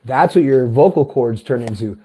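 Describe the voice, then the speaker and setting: A vlogger in his fifties rambles casually through a chatty monologue, swearing and correcting himself as he goes. His light tenor isn't deep; it's mellow with a breathy edge, expressive, and delivered at normal speed.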